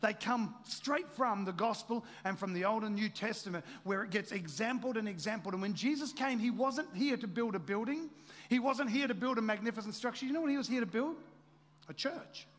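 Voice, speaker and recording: A male pastor preaches with energy, throwing question after question to his congregation. His voice sits high, and a long reverb from the big hall trails behind each phrase. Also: brisk. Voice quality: energetic, rhetorical questions to the crowd. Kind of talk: sermon. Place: church hall.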